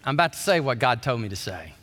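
A man preaching a sermon as pastor, animated, dropping low and soft and then climbing high and loud. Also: fast talker. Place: church sanctuary. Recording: church hall reverb.

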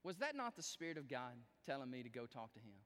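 A man preaching a sermon and telling a story, speaking straight to his congregation in an animated way. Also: medium pitch, fast, long reverb tail. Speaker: pastor.

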